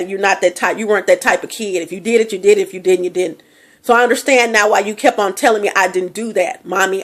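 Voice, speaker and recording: Middle-aged woman vlogger, fairly high voice, rambling emotional monologue to camera. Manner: rambling, emotional, talks straight to viewers. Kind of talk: personal vlog monologue.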